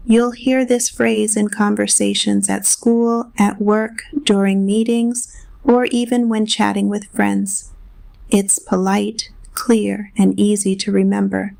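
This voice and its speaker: A woman narrates a scripted English lesson, patiently explaining everyday phrases and modeling examples. Her voice has a gravelly, fry-tinged texture and a mid pitch. The sound is close and dry. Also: darkish tone, dry recording. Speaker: English teacher.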